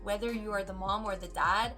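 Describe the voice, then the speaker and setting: A woman's voice: medium pitch, a little fast, faint music behind. A woman, a mother, casually telling a story to camera and animatedly acting out what others said. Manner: animated, acts out quoted voices. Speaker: mother vlogger.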